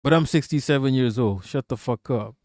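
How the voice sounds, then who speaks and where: A man's voice: medium pitch, brisk, a little mellow, dry recording, studio quality. A man streaming live, reading chat aloud and answering it in a casual, profane, joking way.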